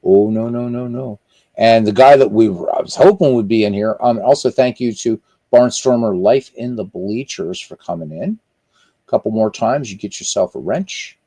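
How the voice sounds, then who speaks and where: A man's voice: lowish voice, moderate pace, warm tone, husky, dry recording. A man hosting a live stream in casual chat, rambling and chatty as he greets viewers by name.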